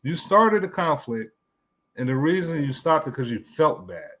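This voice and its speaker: A man with a slightly raised pitch moderates a casual podcast debate. He keeps steering the group back to his question and often restarts his sentences. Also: lively intonation, fairly bright tone. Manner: steers the talk, halting restarts. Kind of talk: casual debate among friends.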